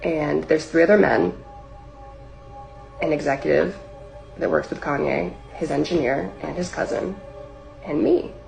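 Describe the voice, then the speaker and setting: Woman, slightly low, gravelly voice; loose, rambling storyteller full of "like", with faint music underneath. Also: a little slow, pauses often, a little mellow, low-quality recording. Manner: rambling, heavy use of filler "like", acts out her own past lines. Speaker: singer telling a personal story.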